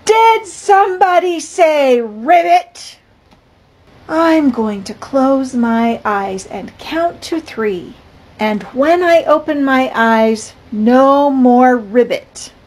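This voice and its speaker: An older woman voicing a bossy, exasperated cat in a storybook read-aloud, loud and emphatic, with a husky voice. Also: fairly high pitch, animated, takes it slowly. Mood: insistent. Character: bossy cat insisting everyone meow.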